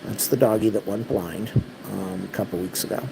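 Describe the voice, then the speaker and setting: A man's voice: fairly low pitch, brisk, creaky, background noise. A man telling an exasperated, repetitive story to his viewers in a casual rant. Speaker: vlogger.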